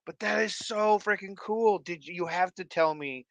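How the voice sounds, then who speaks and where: A man in his thirties hosting a casual livestream. He is goofy and excitable, laughs a lot, and greets his viewers by name. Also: sits high, moderate pace, no room sound. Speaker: livestream host.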